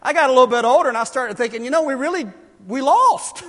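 A man from South Carolina, preaching a sermon as pastor and building to loud, emphatic bursts. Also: extremely high pitch, racing. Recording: reverberant hall.

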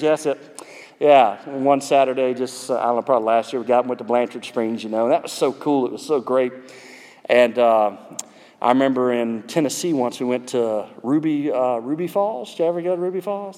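A man's voice: mid-range voice, darkish tone. A man preaching an expository sermon in a conversational, digressive way, with asides to the congregation. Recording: long reverb in a large hall.

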